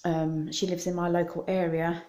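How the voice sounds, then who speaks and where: A woman's voice: fairly low pitch, little pitch movement, moderate pace, warm tone. Giggly, chatty Scottish woman. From Scotland. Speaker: vlogger. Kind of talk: casual chat to camera.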